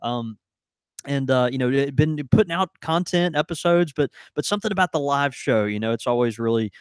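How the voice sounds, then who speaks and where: A man's voice: mid-range voice, lively intonation, fairly quick, clean tone, no echo, studio quality. Rambling man co-hosting a podcast. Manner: rambling, laid-back, many fillers. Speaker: podcast co-host and shop owner. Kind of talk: casual live podcast banter. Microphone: studio mic.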